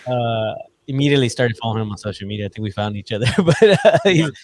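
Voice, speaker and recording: A man's voice: medium pitch, lively intonation, fast talker, slight background noise. A man co-hosting a podcast in casual chat, laid-back and chatty. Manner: laid-back, lots of fillers and laughs. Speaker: podcast co-host.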